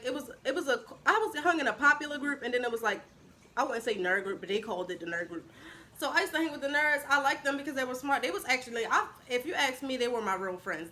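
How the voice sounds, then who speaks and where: Bright high-voiced young woman telling a story. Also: slight background noise. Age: 20s. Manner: chatty, animated retelling with acted-out quotes. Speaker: vlogger. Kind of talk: casual storytime vlog.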